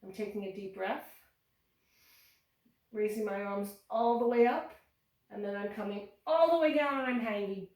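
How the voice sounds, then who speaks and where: Echoey yoga teacher guiding young children. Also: female voice, mid-range voice, moderate pace, long pauses, a little mellow. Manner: cheerful, encouraging step-by-step instructions. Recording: echoey room, voice from a distance.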